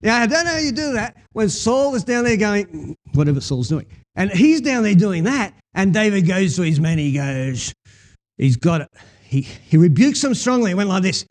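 A man preaching a sermon, telling a Bible story with lively acted-out scenes and talking with the congregation. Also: high voice, moderate pace. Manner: animated storytelling, acting out scenes.

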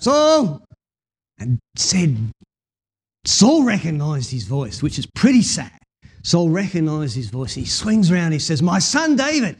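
A man preaching a sermon, telling a Bible story with lively acted-out scenes and talking with the congregation. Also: on the high side. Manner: animated storytelling, acting out scenes.

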